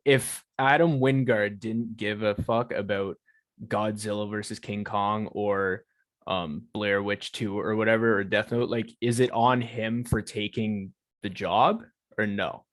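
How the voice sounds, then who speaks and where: A man with a slightly low voice chats on a podcast in an easygoing way. He mostly offers short replies and questions. The sound is dry and close to the mic. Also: steady tone, unhurried, no room sound. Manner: laid-back, mostly brief backchannel replies. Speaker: podcast co-host. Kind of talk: casual podcast chat.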